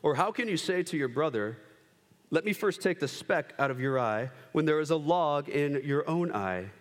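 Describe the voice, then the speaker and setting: A man in his thirties preaching a sermon, animated, acting out quick voices of kids and himself. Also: on the high side. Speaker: pastor. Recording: long hall reverb.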